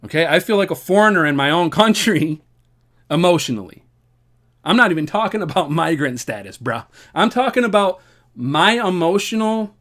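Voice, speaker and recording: A man's voice: on the high side, very animated, normal speed, a bit bright. A man giving casual commentary to camera in an earnest, rambling way, repeating himself and laughing wryly. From United States. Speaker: vlogger.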